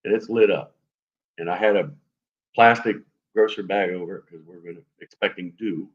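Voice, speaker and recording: A man telling a story on a live show in a lively, animated way, acting out sounds as he goes. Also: low voice, moderate pace, dull audio. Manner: animated, lively retelling with fillers and sound effects. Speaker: guest telling an encounter story.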